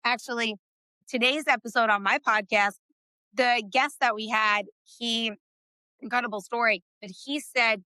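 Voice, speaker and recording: A woman, a podcast guest, talking casually in an animated, fast way with many fillers. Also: fairly high pitch, smooth, no room sound. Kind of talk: casual conversation.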